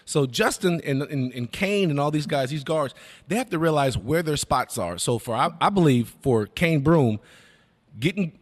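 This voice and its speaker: Animated man telling basketball stories. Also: on the high side, normal speed, big-room sound. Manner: animated storyteller who acts out quotes. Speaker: radio basketball analyst. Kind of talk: sports radio analysis and storytelling.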